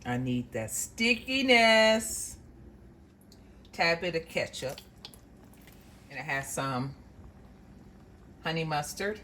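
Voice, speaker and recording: A woman with a deep voice walks through a recipe step by step in a relaxed, homey way, calling her viewers y'all. Her kitchen carries a faint hum with boiling behind her. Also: takes it slowly, pauses often. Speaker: cooking show host. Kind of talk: casual cooking demonstration. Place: home kitchen.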